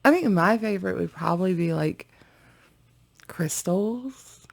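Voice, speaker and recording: Woman vlogger, unhurried and gravelly, giggly rambling chat to the audience. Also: lowish voice, expressive. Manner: giggly, rambling, talks to viewers. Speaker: reaction video host. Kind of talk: casual chat reacting to a video.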